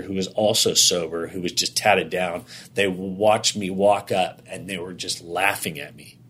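A man telling a candid personal story as an interview guest, in long run-on sentences that act out the dialogue. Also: low-pitched. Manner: animated, rapid run-on sentences, acting out dialogue.

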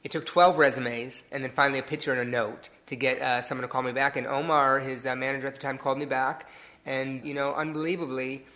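Hairstylist guy from detroit telling stories fast, bright voice, does the voices of people he quotes. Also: mid-range voice. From Detroit area, USA. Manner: animated, acts out quoted people in the story. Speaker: hairstylist guest. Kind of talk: casual interview storytelling.

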